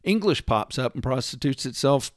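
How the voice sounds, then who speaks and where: Emphatic lecturing man, lively pitch. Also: moderate pace, no room sound, clean studio sound. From United States. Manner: emphatic, sarcastic, lecturing with rhetorical questions; mimics accents in quoted lines. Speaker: commentator. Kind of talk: opinion monologue.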